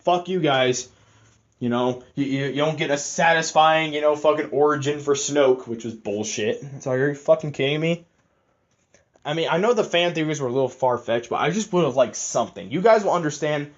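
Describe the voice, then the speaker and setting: A young man giving a rambling, profane, casual film review, full of fillers and restarts. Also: on the high side. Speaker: movie reviewer. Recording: slightly muffled lo-fi audio.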